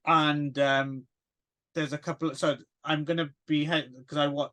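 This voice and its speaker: A man's voice: on the high side, level tone, unhurried, a bit bright. A man co-hosting a casual film podcast, rambling and hesitant with plenty of fillers and self-deprecating asides. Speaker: podcast co-host.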